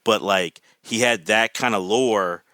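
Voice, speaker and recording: Guy rambling excitedly on a podcast, bright forceful voice, kinda low, lots of "you know"s. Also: slow pace, no room sound. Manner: enthusiastic, rambling with many fillers. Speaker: podcast guest. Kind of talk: casual podcast chat.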